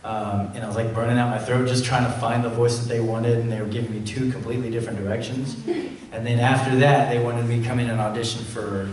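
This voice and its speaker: A man's voice: mid-range voice, fairly even intonation, fast, hardly any pauses, a little mellow. A man at a fan Q&A, rambling through anecdotes in a loose, chatty way with plenty of "like". He is heard from far off across a big echoing hall. A faint hiss sits under the sound. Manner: chatty, fills with "like", acts out quotes. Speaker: convention panel guest, voice actor. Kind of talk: casual storytelling at a fan Q&A. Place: convention panel room. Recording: very echoey hall, voice far from mic.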